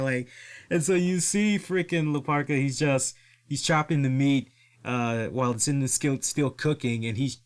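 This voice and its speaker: This is a male podcast host recapping wrestling in casual, profane chat. His voice sits a little high and rises and falls a lot. He often breaks into laughter as he tells a story.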